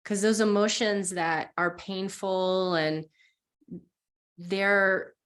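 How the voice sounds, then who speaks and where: A woman's voice: medium pitch, fairly even intonation, very slow, a bit bright. A woman guest who teaches spiritual practice, explaining earnestly and encouragingly and voicing inner thoughts as quotes. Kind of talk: explanatory conversation.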